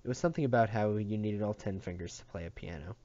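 Man, reading a novel aloud, low voice, mellow tone, slips and restarts, dull lo-fi recording. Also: fast talker. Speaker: audiobook reader.

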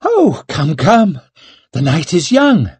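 A man's voice: fairly high pitch, sing-song, a little slow, a little mellow, slightly rough, dry recording, pitched above the performer's own voice, exaggerated voice. A man voicing an ambitious, bitter young noblewoman in an audiobook, wry and defiant with a coarse tongue. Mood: reckless.

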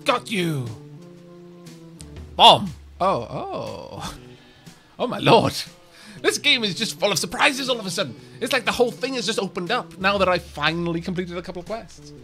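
Excitable high-voiced male game streamer. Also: brisk, vocal fry, soft background music. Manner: excitable, chatty, coaxing in-game animals. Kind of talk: live gameplay commentary.

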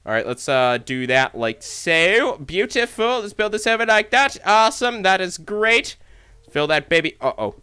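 A man commentating his gameplay in an excited, hyper way, often repeating himself. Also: high-pitched, moderate pace, clear, resonant tone. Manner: hyper, exclamatory, repeats phrases. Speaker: let's play gamer.

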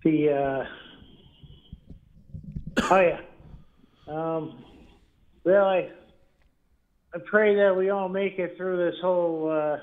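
A man's voice: high voice, steady tone, slow pace, pauses often. A man calling in to a radio show, chatting in an easygoing, rambling way. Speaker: caller. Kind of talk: casual phone-in chat. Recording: tinny phone line.

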